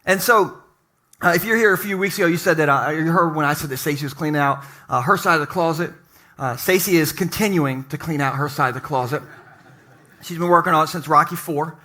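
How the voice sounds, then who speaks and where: A man's voice: a little high, brisk, sharp tone. A middle-aged male pastor giving a humorous, conversational sermon to his congregation in a church. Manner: joking, conversational, talks to the congregation.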